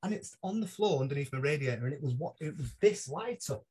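A man chatting as a guest, spinning an anecdote with a husky, slightly breathy voice. His pitch sits a little high and rises and falls constantly as he laughs and acts out the people in his story. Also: quick pace. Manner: animated storyteller, laughs often, puts on voices. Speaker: podcast guest. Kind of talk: casual anecdote telling.

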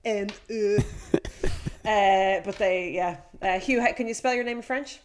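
A woman's voice: medium pitch, a little slow. Playful woman in casual chat. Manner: playful, giggly. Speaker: podcast co-host.

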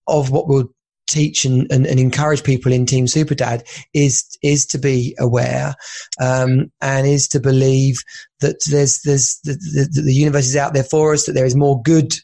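Gravelly-voiced podcast host. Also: male voice, medium pitch, flat delivery, normal speed, dark tone. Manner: rambling, searching for words. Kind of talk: casual interview chat.

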